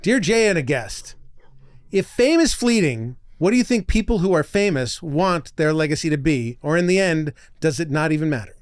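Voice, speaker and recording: A man's voice: on the high side, expressive, normal speed, clean tone. A man hosting a podcast in casual interview chat, giving short agreeing interjections and dry jokes. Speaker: podcast host.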